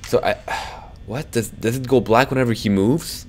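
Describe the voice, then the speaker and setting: A young man commentating a horror game for his viewers, jumpy and quick to swear when startled, talking to the audience as he plays. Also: medium pitch, a little mellow, a little hiss or hum. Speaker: gaming YouTuber.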